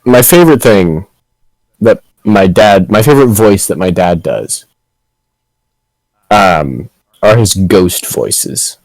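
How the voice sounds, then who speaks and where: A man's voice: low-pitched, lively intonation, takes it slowly, long pauses, darkish tone, dry recording, rough recording. A man chatting casually between tabletop game turns, rambling and restarting his sentences. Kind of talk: casual chat.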